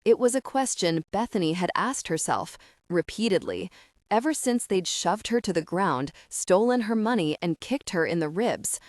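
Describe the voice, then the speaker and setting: A woman narrating a romance audiobook in a measured, even storytelling manner. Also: mid-range voice, dry recording, studio quality.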